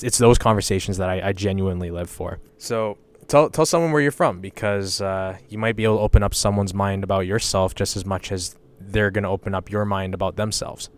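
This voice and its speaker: A young man from western Canada hosting a casual solo podcast, blunt and rambling, swearing freely and using lots of "you know" and "like". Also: sits low. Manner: many fillers like "you know" and "like". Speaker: podcast host.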